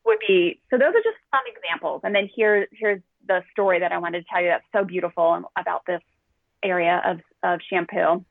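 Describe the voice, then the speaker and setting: A woman's voice: on the low side, moderate pace, vocal fry, dry recording. A middle-aged woman parenting coach telling candid stories in a podcast conversation, acting out what was said. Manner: candid, animated, acts out quotes. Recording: dry, tinny phone-like line.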